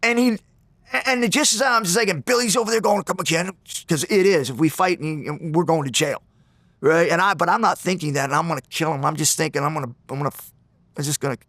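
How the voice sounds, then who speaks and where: Animated man telling a fight story. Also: a little high, quick pace, dry recording. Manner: animated, acts out the people in his stories; restarts and repeats words. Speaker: interview guest. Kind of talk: interview storytelling.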